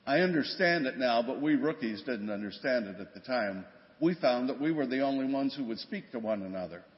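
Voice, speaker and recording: A man's voice: medium pitch, expressive, brisk. An older man and former police officer, recounting a story plainly and conversationally in a church talk. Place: church sanctuary. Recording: dull, long church reverb.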